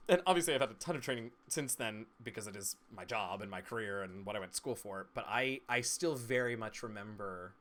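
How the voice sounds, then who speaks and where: A man from East Tennessee, a streamer and game master, in a casual live-stream chat, talking with crisp, trained stage diction in a chatty, playful way. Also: on the low side, lively intonation, a little fast, hardly any pauses, fairly bright tone. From Southern United States, East Tennessee. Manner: chatty and playful, laughs easily.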